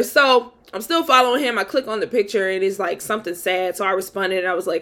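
A woman's voice: medium pitch, steady tone, fast, fairly bright tone. Young woman, casual chatty storytime, lots of "like". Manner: candid and chatty, frequent "like" fillers. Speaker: podcast host.

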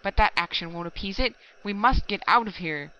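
A woman reading aloud voices an excitable male scientist who cries out in a high, urgent voice. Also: brisk, highs cut off. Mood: panicky.

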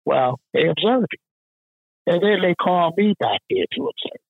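A man telling a rowdy work story in casual chat, profane, animated and laughing often. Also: high voice, moderate pace, gravelly, dry recording, narrow, tinny audio.

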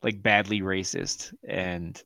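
A man telling a rough personal story as a podcast host, swearing freely and laughing often. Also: deep voice, slow. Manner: profane, laughing, animated storyteller. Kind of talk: casual storytelling.

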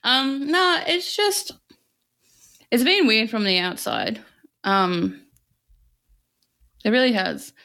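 A woman in her twenties co-hosting a podcast, telling stories in a casual, animated way with lots of laughter. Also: on the high side, slow pace, creaky, long pauses. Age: 20s. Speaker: podcast co-host. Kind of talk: casual chat.

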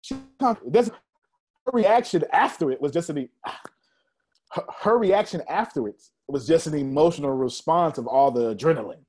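A man's voice: fairly high pitch, normal speed, slightly rough. A man giving a motivational talk, telling a story with laughs and speaking straight to his audience. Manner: animated, laughing storyteller addressing the crowd.

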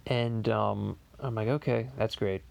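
A man's voice: lowish voice, steady tone, a little slow, creaky, a little mellow. A man voicing Stewie as a podcast host, delivering a rambling, profane comedic monologue full of stammering restarts. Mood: ranting. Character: Stewie as a crude, ranting male podcaster.

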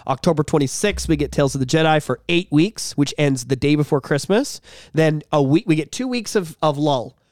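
Excitable swearing podcast host, dry close sound. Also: male voice, a little high, fairly quick, no echo. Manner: swears freely, impersonates characters. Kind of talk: casual chat.

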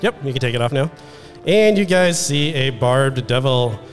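A man running a live tabletop game as game master, relaxed and matter-of-fact. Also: mid-range voice, moderate pace, faint music behind. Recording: long reverb of a convention hall.

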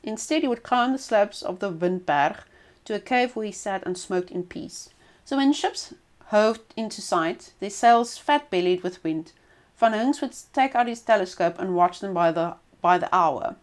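A woman reading a folk tale aloud in an expressive storyteller's voice. She stumbles now and then and restarts a word, at a middling pitch for a woman. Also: normal speed.

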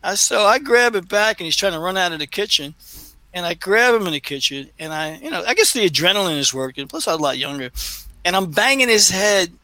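A man's voice: high-pitched, animated, fairly quick, sharp tone, no room sound, rough recording. A man co-hosting a casual chat show, telling a long rambling story with laughs and many fillers. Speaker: co-host.

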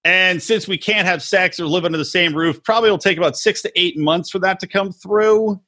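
A man's voice: high voice, fairly quick, sharp tone. A man co-hosting a casual podcast, crude and mocking, who acts out the people he quotes in silly voices. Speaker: podcast co-host. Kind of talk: casual chat.

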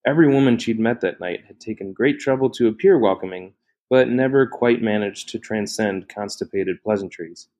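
A male audiobook narrator with a fairly low voice reads from a novel. He keeps a steady, even pace, delivering the passages between characters' lines plainly in scripted narration.

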